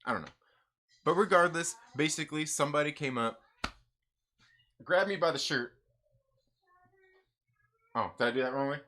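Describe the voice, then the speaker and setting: Bright, animated man hosting a live stream. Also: on the high side, normal speed, pauses often, slight background noise. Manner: animated, repeats himself, fond of "absolutely". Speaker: comics live stream host. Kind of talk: casual live stream chat.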